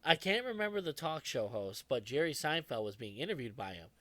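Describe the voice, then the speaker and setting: A man's voice: medium pitch, very animated, a little fast, a bit bright, no echo. A young adult man co-hosting a podcast, telling stories in a casual, profane way and laughing often. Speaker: podcast co-host. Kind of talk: casual chat.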